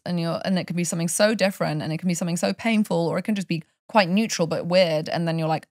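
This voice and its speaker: A woman's voice: fairly low pitch, fast, hardly any pauses, no room sound, studio quality. A woman from Europe, a life coach chatting on a podcast and telling stories with passion. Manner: passionate, animated storytelling. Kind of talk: casual podcast chat.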